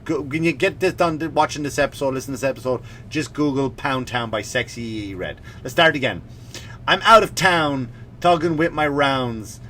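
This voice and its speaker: A male comedian on his podcast, ranting in a sarcastic, mock-serious way. His voice is bright and forceful, and a faint hiss sits under the recording. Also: medium pitch. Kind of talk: comedic rant.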